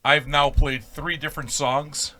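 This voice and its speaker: A middle-aged man hosting a casual radio show, rambling and swearing in a jokey way, with sudden loud bursts. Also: fairly high pitch, level tone, unhurried. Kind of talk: casual profane radio banter.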